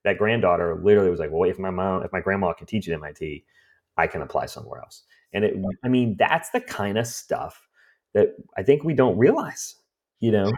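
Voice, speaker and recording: A man with a low, gravelly voice tells stories from his work clearing out houses. He is animated and acts out the voices of the people he met. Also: fairly quick. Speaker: estate cleanout business owner. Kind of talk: storytelling in a conversation.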